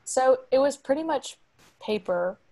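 A woman's voice: sits high, lively intonation, unhurried, mellow. A young woman, telling a story on a podcast in a chatty way. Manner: chatty, acts out quoted voices. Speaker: podcast co-host.

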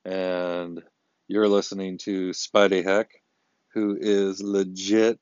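A man hypes up a podcast in a playful, repetitive way. His voice sits low and smooth. The recording is dry and dull, with a lo-fi sound. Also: little pitch movement, a little slow, a little mellow, dry recording. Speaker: guest introducing the show.

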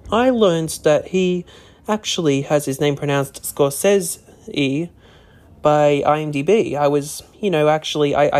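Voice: medium pitch, darkish tone. A podcast host talking alone in a casual, rambling way, with many "you know" and "uh" fillers. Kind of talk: casual solo podcast talk.

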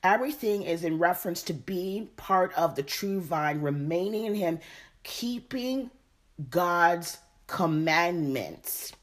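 Slow, low-pitched woman teaching scripture. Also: animated. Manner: reads scripture then repeats and explains it. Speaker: Bible teacher. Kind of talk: slow verse-by-verse Bible study.

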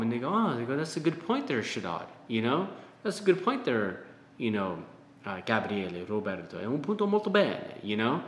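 A man's voice: medium pitch, reverberant. A man talking straight to camera in a frustrated, ranting monologue, often repeating words and swearing. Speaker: vlogger.

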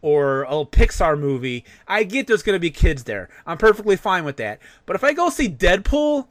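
Lively, expressive man ranting. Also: high voice, moderate pace, no room sound. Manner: animated, swears freely. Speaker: podcast co-host. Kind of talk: casual rant.

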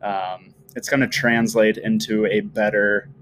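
A man hosting a casual conversation, relaxed, with fillers. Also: fairly low pitch, unhurried, slight background noise, rough recording. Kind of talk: casual chat.

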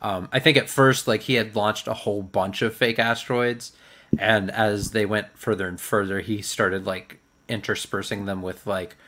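A man's voice: lowish voice, fairly even intonation, moderate pace, a bit bright. A man in casual chat, recapping an episode in a rambling way full of fillers.

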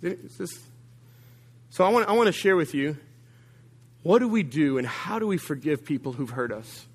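Animated male preacher, slightly high voice. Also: normal speed, breathy edge. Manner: humorous, animated storytelling with big swings of pitch and volume; addresses the congregation directly with call-outs. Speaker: pastor. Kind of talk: sermon.

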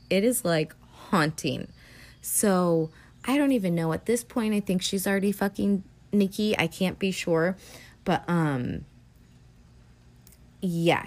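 A woman hosting a podcast, recapping a film in a chatty, profane way and acting out lines from it. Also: fairly low pitch. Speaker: podcast host.

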